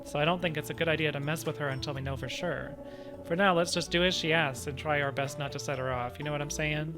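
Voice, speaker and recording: A man's voice: a little high, steady tone, natural voice. A man voicing a cautious, talkative male sidekick in a game, explaining things with hedges and fillers, with game music behind. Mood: placating. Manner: quick, wordy reasoning with hedging fillers. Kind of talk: reading game dialogue aloud.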